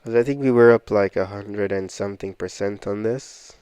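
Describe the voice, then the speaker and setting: A man's voice: on the low side, normal speed, a little mellow, smooth, no echo. A man casually walking through his stock portfolio, rambling and self-deprecating as he thinks aloud. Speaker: investing vlogger.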